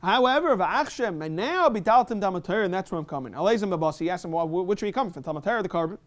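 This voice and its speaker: A man giving a fast Talmud class in a synagogue, reading Hebrew and Aramaic quotes and explaining them in English. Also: high voice, lively intonation. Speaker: rabbi teaching Talmud. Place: synagogue study hall.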